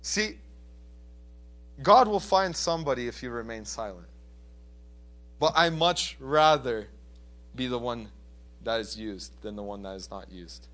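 A man preaching a sermon with passion, swinging from loud urgent appeals to hushed storytelling. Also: medium pitch, expressive, a little slow, long pauses.

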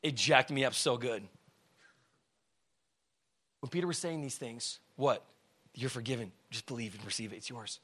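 A man preaching a sermon to a congregation in slangy, conversational talk, swinging from shouts down to hushed words and often asking the crowd questions. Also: medium pitch, moderate pace, long pauses, husky. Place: church before a congregation.

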